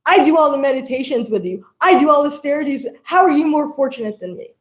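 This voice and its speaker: A woman's voice: high-pitched, expressive, fast talker, reverberant. A woman voicing a goddess wife who demands her share, in a storytelling talk. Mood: indignant. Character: pleading angry goddess wife, adult woman.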